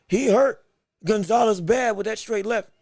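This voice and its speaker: A man calling a fight blow by blow on his own livestream, excited and repetitive, restarting his phrases, with the hiccups and eating as he talks. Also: sits high, normal speed, creaky, no echo, studio quality. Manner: repeats himself, restarts phrases, eats and talks at once. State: has the hiccups. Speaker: podcast host giving live fight commentary.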